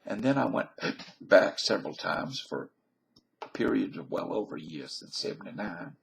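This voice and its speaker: A man's voice: on the low side, lively intonation, normal speed, vocal fry, a little hiss or hum. A Canadian-born man with a Southern US accent, talking to the camera in a folksy, meandering, self-mocking ramble. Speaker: vlogger. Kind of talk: rambling casual monologue.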